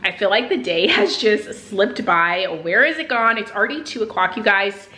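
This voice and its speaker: A young woman chatting casually to camera in a vlog about her dogs, talking about their care and routine. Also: moderate pace. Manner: chatty, switches to high excited praise for the dogs. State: out of breath. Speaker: vlogger, dog owner.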